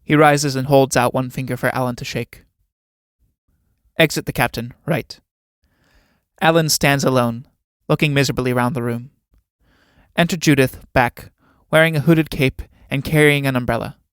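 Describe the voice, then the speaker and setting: A man reads the stage directions of a full play in a plain, even manner. His voice sits mid-range for a man and the recording is dry, with no room around it. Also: mid-range voice, moderate pace, smooth, no room sound. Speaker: narrator reading a play.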